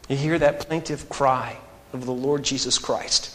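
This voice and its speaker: A man preaching a sermon, telling the story in an animated way and acting out the quoted voices. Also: mid-range voice, unhurried, big-room sound.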